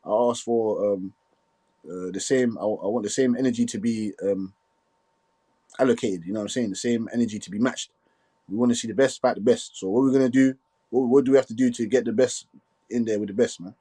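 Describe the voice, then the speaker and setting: Fast-talking husky man. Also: mid-range voice, dark tone. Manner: fast, repetitive filler "you get me". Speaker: live stream host. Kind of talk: casual live stream chat.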